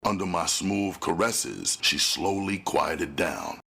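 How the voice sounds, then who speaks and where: Deep gravelly male audiobook narrator. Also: big pitch swings, slow pace, pushed and bright. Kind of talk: dramatic first-person audiobook narration.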